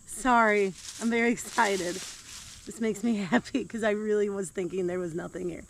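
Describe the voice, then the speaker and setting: A woman vlogging casually while digging in her garden outdoors, chatty and quick to laugh. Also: medium pitch, steady tone. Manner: chatty and easily delighted, laughs often. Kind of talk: casual chat while working. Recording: outdoor recording with clear background noise.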